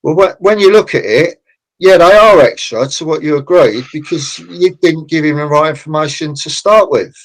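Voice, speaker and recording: A man's voice: a little high, moderate pace, rough recording. A man as a podcast guest, talking casually and acting out conversations from building sites. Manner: chatty, acts out site conversations. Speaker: construction consultant guest.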